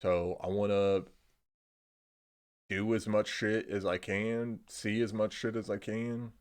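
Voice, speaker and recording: Young male streamer, lowish voice, easygoing and profane, rambles and trails off. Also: level tone, slow pace, clear, resonant tone. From Indiana, USA. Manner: laid-back, swears a lot, trails off with "I don't know". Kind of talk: casual rambling chat.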